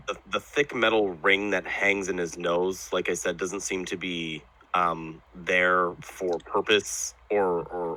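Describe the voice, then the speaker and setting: A man's voice: deep voice, sharp tone, low-quality recording. A man narrating his character's actions as a player in a tabletop game.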